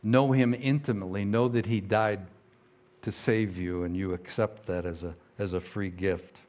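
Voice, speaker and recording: A man preaching a sermon as pastor. He talks earnestly, swings between loud emphasis and quiet asides, and reads scripture slowly. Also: lowish voice, fairly even intonation.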